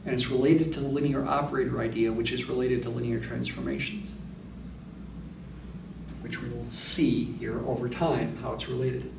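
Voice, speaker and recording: A man's voice: mid-range voice, level tone, moderate pace, gravelly, recorded from a distance, background noise. A man lecturing on mathematics, explaining step by step and thinking aloud with asides. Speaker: math lecturer. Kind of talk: recorded university lecture. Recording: echoey room, voice a little off-mic.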